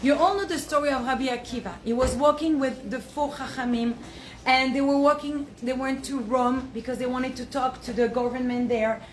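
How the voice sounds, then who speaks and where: A high-pitched young woman gives a Torah class to a small audience, telling stories with animation and frequent laughter, dropping in Hebrew and Yiddish words. The room is echoey, with a faint hum of ambience behind her. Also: moderate pace. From south of France. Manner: animated storytelling, laughs often; mixes in Hebrew and Yiddish terms. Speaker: Torah teacher. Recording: roomy echo, faint ambience.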